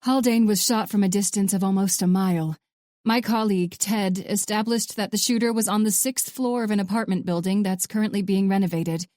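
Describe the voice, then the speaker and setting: A woman's voice: medium pitch, fairly even intonation, fairly quick, darkish tone, no echo, studio quality, lightly acted. A woman voicing a chatty, wisecracking female ballistics expert. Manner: joking, chatty.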